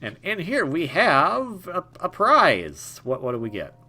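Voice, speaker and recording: A man's voice: fairly high pitch, wildly swooping pitch, measured pace, sharp tone. A young man giving casual, jokey let's-play commentary, rambling and stammering over repeated words. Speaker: gaming YouTuber.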